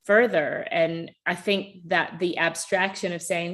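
A woman's voice: on the low side, measured pace. A woman from the United States speaking animatedly and thoughtfully in a reflective conversation. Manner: animated, thoughtful, acts out quoted voices.

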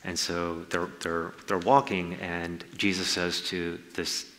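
Bright-voiced pastor in an echoey hall. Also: male voice, low-pitched, flat delivery, slow. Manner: conversational, storytelling, slangy asides. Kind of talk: sermon.

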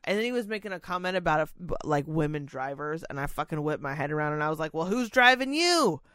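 A woman in casual chat, telling animated, profane stories. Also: sits low, fast, no echo, studio quality.

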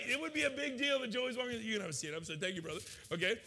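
A man preaching a sermon to a congregation, animated and joking with the crowd. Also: extremely high pitch, racing, creaky, few pauses, long reverb tail. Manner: animated, jokes with congregation, acts out voices. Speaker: pastor.

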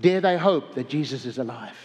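A man's voice: mid-range voice, animated, fairly quick, big-room sound. A man preaching a sermon, telling stories in a rambling way with restarts and chuckles. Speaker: pastor.

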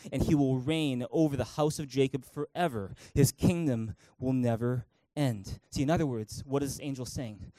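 A young man preaching a sermon as pastor in a church, animated and acting out the people he quotes. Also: mid-range voice, no room sound, poor audio. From Canada. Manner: animated, acts out quoted voices.

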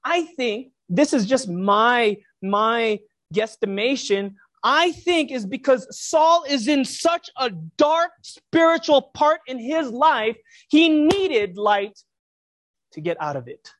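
Slow, reflective preacher. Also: mid-range voice, animated, fairly bright tone. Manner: reflective, uses rhetorical questions. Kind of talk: sermon.

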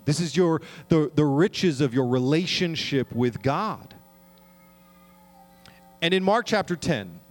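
A man preaching a sermon as pastor, earnest and conversational, often asking the congregation questions and slowing down to read scripture. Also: mid-range voice.

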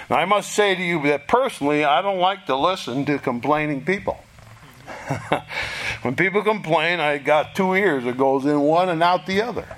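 A man preaching a sermon in a slow, deliberate way, pausing for effect and acting out prayers in a pleading voice. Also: a little high, fairly bright tone. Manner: slow, deliberate delivery with dramatic pauses; acts out prayers in a raised, pleading voice.

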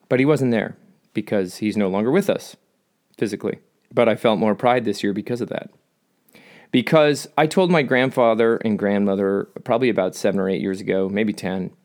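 A middle-aged man talking in a casual personal monologue, rambling with self-deprecating jokes and asides. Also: lowish voice. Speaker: vlogger.

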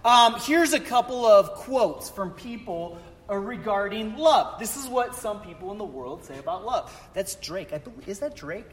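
A man's voice: high voice, expressive, moderate pace, big-room sound. A man preaching a casual sermon as pastor in a church, chatty and joking, with self-deprecating asides. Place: church sanctuary.

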